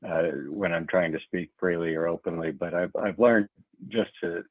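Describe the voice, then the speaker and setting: A man with a Southern US accent speaking up in an online workshop, earnest and a bit halting, often repeating his words. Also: low-pitched, fairly even intonation, dry recording. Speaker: workshop participant. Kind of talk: casual sharing in an online workshop. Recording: tinny phone-like video call audio.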